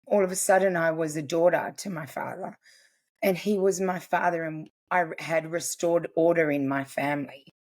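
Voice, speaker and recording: Earnest woman in her 40s, low voice, pouring out a personal story on a podcast. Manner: earnest, emotional, confiding. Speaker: podcast guest, family constellations practitioner.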